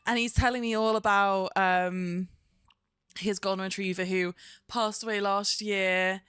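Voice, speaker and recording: A woman's voice: mid-range voice, steady tone, measured pace, fairly bright tone, clear, resonant tone, dry recording, soft background music. A young woman, chatting casually in a home vlog and talking to her dog. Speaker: vlogger.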